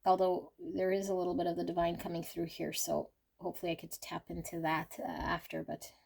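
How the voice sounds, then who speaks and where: A woman's voice: lowish voice, completely flat delivery, fairly quick, creaky, a little mellow. A woman reading tarot and oracle cards for viewers, naming each card with effusive, breathless reactions.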